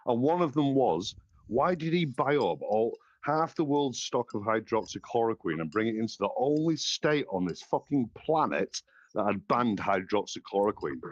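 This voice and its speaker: A man's voice: mid-range voice, very animated, normal speed, no echo, dull audio. A man hosting a casual political podcast chat, blunt and heated, swearing often. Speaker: podcast host.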